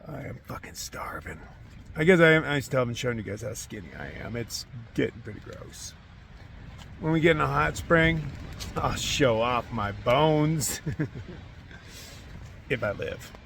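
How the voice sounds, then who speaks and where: A cold and hungry man talks into a handheld camera from inside a small tent. His voice sits at an ordinary middle pitch. His delivery is weary and fed up, full of swearing, with faint wind noise behind him. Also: expressive, measured pace, creaky, long pauses, a bit bright. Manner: weary, frustrated, swears often. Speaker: long-distance hiker. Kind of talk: vlog filmed while camping.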